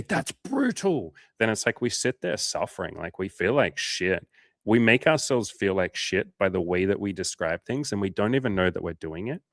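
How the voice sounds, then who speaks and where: A low-voiced man hosts a casual coaching livestream, reading viewer comments aloud and answering with frank, swear-heavy advice. The sound is dry and close, with no room echo. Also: fairly bright tone. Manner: blunt, profane, frank advice. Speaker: dating coach hosting a livestream.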